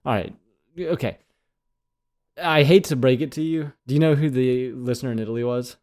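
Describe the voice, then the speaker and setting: 20s guy, podcast cohost, dry teasing banter, mid-pitched voice. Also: normal speed, darkish tone. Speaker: podcast co-host. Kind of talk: casual chat.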